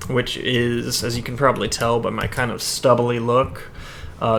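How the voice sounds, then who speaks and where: A man hosting a podcast from home over a video call, joking deadpan and swearing a lot in casual chat. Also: medium pitch, slight background noise. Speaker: podcast host.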